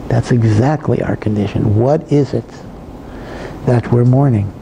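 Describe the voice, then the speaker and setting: A male rabbi teaches in a very dark, mellow voice, talking casually with frequent asides and restarts. There is a faint hiss behind him. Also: mid-range voice, unhurried, gravelly, lo-fi sound. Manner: conversational, many asides and repetitions. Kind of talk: Torah lecture.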